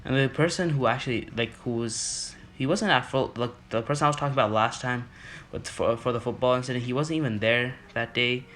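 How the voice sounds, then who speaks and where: A man's voice: medium pitch, a little fast, fairly bright tone. Rambling guy telling a school story. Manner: rambling, full of fillers and restarts. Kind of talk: casual storytime vlog.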